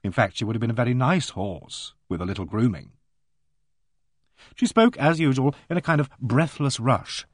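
A man reading a novel aloud as narrator, in measured storytelling style with voiced dialogue. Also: medium pitch, lively intonation, husky, no echo, studio quality. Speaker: audiobook narrator. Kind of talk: scripted narration.

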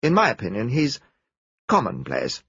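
A composed young woman with a crisp, matter-of-fact delivery, put on by a male reader in a raised voice. Her tone is guarded and clipped, with a husky edge. The recording sounds dry and a little dull. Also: mid-range voice, wildly swooping pitch, normal speed, a bit bright, no echo, full character voice. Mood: cool.

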